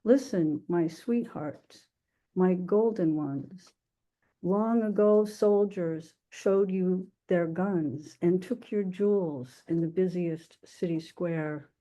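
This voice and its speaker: A woman poet reading her own poem aloud at a poetry reading, halting in the introduction and lilting in the recitation. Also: lowish voice, warm tone, dull audio.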